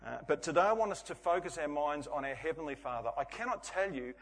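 Pastor in a reverberant hall. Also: male voice, a little high, lively intonation, fast, fairly bright tone. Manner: storytelling with self-deprecating humor, laughing often. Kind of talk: Father's Day sermon. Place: church.

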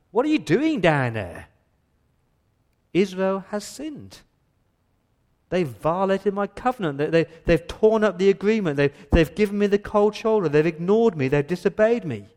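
A man's voice: mid-range voice, animated, normal speed, a little mellow, close to an everyday voice. A man voicing God as a stern, exasperated deity who rebukes his people with insistent repetition, in a long reverberant hall.

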